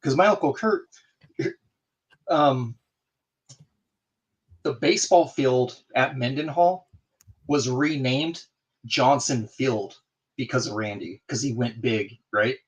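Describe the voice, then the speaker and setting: A man's voice: mid-range voice, slow, pauses often, lo-fi sound. A man in a casual video call, telling a story and acting out both sides of the conversation. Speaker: guest in a group video chat.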